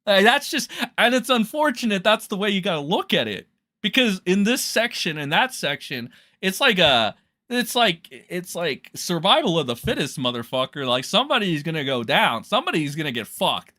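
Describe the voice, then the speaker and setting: Excitable, profane male livestreamer. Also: sits high, normal speed. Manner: profane, excitable, laughs often, rambling. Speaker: livestream commentator. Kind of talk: casual livestream commentary.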